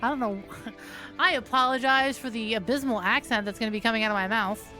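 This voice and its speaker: A woman's voice: fairly high pitch, fairly quick, pushed and bright, faint music behind. A woman co-host trading profane, jokey banter about a story game. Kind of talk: casual joking commentary.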